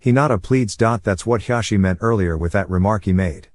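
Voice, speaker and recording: Man, story reader, plain steady narration, low pitch, dry recording. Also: fairly quick, no echo. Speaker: fan-fiction reader. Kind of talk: audiobook-style story reading.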